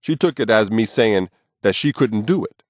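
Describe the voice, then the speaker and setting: Male memoir narrator, low register, street-blunt and unfiltered, dry booth sound. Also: expressive, normal speed, dry recording. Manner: blunt, casual and profane storytelling.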